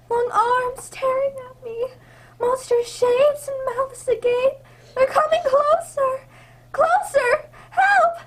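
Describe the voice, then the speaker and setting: A woman playing a sweet, gentle young princess who frightens easily, in a radio drama. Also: extremely high pitch, exaggerated voice. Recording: loud background noise.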